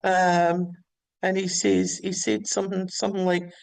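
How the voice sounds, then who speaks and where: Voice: medium pitch, steady tone, unhurried, creaky, no room sound, rough recording. A caller telling a story at length, often restarting and repeating words, on a remote line. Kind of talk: rambling storytelling.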